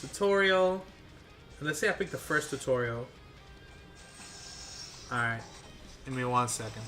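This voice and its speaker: A tired young man streaming a game, chatting with viewers in an excitable, rambling way and swearing now and then. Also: mid-range voice, a little slow, soft background music. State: tired, short on sleep. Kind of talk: casual live-stream chat while gaming.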